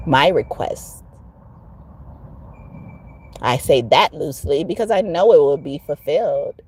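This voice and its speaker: A woman's voice: low-pitched, lively intonation, a little slow, long pauses, darkish tone, slightly rough. A woman tarot reader talking casually to her viewers, blunt and emphatic, cussing freely. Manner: emphatic, blunt, cusses a lot. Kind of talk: casual tarot vlog talk.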